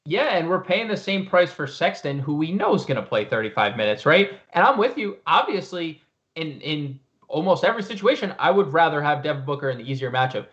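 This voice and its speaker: A man talking fantasy basketball picks in a casual live-stream chat, filling pauses with ums and you-knows. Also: on the high side, very animated, fairly bright tone, muffled recording. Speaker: fantasy sports analyst.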